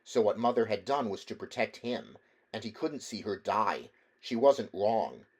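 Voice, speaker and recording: Low-voiced man reading an audiobook. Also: animated, a little slow, husky. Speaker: audiobook reader. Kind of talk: audiobook narration.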